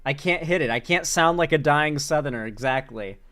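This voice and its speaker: A man hosting a live political commentary stream, reading chat aloud in an animated, joking way and swearing casually. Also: on the high side, normal speed.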